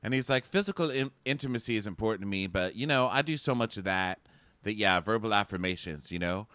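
Young man, snarky co-host, bright forceful voice, dry close sound, lowish pitch. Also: animated, fast talker, no echo. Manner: snarky, acts out people's lines in exaggerated voices. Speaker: podcast co-host. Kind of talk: casual recap chat with mocking impressions.

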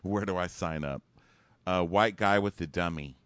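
A man co-hosting a casual chat, sarcastic and quick to mock people with silly impressions. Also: deep voice, a bit bright, no room sound. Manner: sarcastic, slips into mocking impressions. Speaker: podcast co-host. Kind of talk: casual chat recapping a TV show.

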